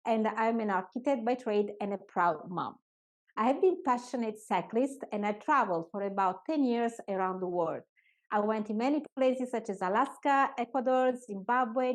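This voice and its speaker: Chatty Italian woman teaching cooking. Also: fairly high pitch. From Italy. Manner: warm, chatty, laughs often, searches for English words. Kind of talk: live online cooking class. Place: home kitchen.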